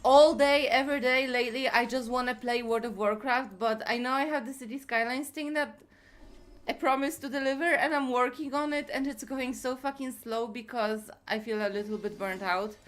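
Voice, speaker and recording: A woman's voice: sits high, fairly even intonation, normal speed. A woman streaming a game live, chatting casually with viewers and greeting them by name while a little out of breath.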